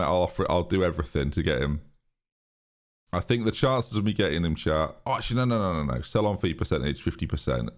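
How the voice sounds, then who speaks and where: A man streaming a football management game live, chatting excitedly to his viewers and laughing often. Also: low voice. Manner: excitable, chatty, talks to chat. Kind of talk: live gaming commentary.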